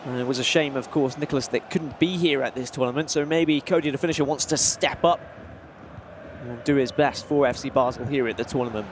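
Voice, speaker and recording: A man's voice: fairly high pitch, noisy background. A man providing colour commentary on an esports football match, explaining play in a chatty, analytical way.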